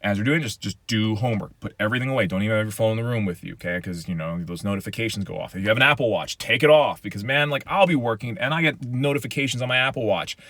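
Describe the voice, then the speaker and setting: Low-pitched male pastor, casual Q&A, lively and talkative, dry close-mic sound. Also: rapid-fire, hardly any pauses, dry recording. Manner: animated, chatty, says "okay?" often. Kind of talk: casual Q&A chat.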